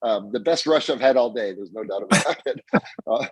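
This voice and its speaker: Easygoing host with a husky voice. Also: male voice, medium pitch, lively intonation, brisk, no echo. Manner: easygoing, chummy, says "man" and "brother". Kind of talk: casual chat.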